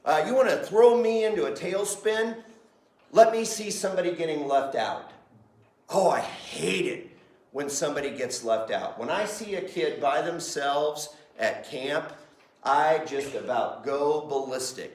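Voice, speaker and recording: A middle-aged male pastor teaching a Sunday School class in a lively, conversational way, often putting questions to the class. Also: a little high, a little slow. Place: church classroom. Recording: roomy echo.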